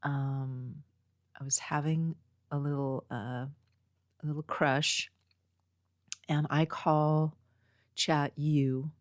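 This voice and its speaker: Low-voiced chatty lady from northern california, rambling along, dry close sound. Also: flat delivery, drawn-out words, long pauses, dry recording. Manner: chatty, meandering storytelling. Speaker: podcast host. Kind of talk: casual chat. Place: home next to a small post office. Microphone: own podcast mic.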